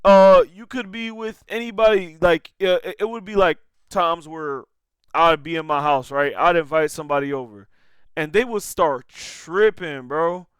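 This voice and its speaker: A man's voice: on the high side, moderate pace, fairly bright tone, clean tone, no room sound. A young man giving casual, slangy reaction commentary on a clip, saying "bro" again and again.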